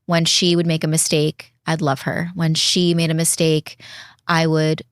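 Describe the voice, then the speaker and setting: A woman in her thirties speaking as a podcast guest in an earnest, reflective way, slowing down to stress her points. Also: sits low, monotone, clean tone, no echo, clean studio sound. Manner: earnest, reflective, slows down when emphasizing. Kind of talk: casual heartfelt conversation.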